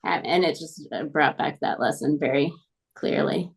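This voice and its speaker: A former student, a woman with a deep, creaky voice that has a breathy edge, talks at a normal speed about a lesson she once had. It's casual conversation, chatty and full of fillers like "like" and "um."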